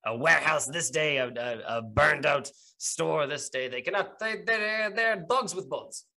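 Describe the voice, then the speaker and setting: A man's voice: fairly high pitch, a little slow, gravelly, sharp tone, pitched above the performer's own voice, heavily acted. A suspicious, commanding guard captain woman, played by a man in a tabletop game. She talks in clipped, foreign-sounding phrases and jabs "huh?" at the end of her questions. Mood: conspiratorial.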